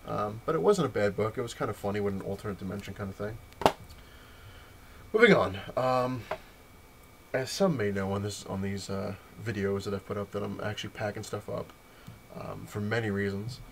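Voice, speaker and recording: A man's voice: on the low side, normal speed, vocal fry, noisy background. A man casually vlogging about comic books, rambling and retelling conversations with lots of "I was like" asides. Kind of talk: casual vlog storytelling and comic review.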